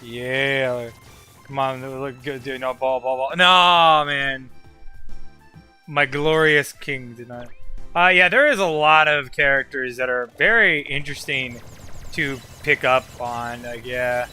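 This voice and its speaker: Bright-voiced young man streaming games. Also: medium pitch, unhurried, faint music behind. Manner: loose, profane, rambling with many fillers. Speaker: game streamer. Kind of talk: casual live-stream commentary.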